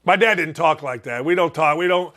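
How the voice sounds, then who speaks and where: A man's voice: on the high side, fairly quick, sharp tone. Blunt, fired-up Chicago-accented man. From Northwest Indiana. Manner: blunt, fired-up, rambling, self-mocking. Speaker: sports radio host. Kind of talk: solo sports talk monologue.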